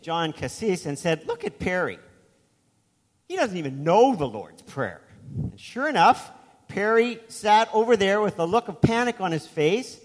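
A man's voice: sits high, long reverb tail. A man preaching a sermon as pastor, telling a story in a conversational way with asides.

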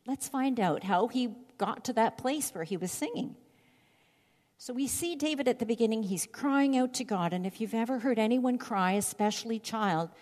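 A middle-aged woman giving Bible teaching, reading scripture aloud and telling stories in an expressive way. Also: on the high side. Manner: expressive, storytelling delivery. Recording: long hall reverb.

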